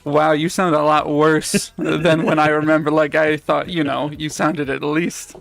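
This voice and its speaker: A man's voice: a little high, little pitch movement, measured pace, gravelly, fairly bright tone, no echo. A man voicing a young prince on the run in a flustered, sarcastic manner. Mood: exasperated.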